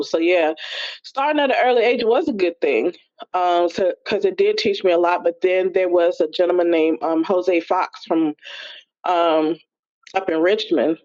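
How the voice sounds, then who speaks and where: A woman, a gospel singer and actress, telling her story in a chatty, animated way over a remote call. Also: on the low side. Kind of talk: casual storytelling interview. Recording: muffled remote call audio.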